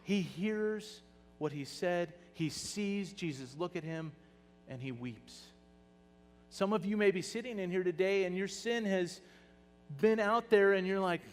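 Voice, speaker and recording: A male pastor preaching a sermon, animated and swinging between soft, hushed lines and loud bursts. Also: high voice. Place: church hall. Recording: long hall reverb.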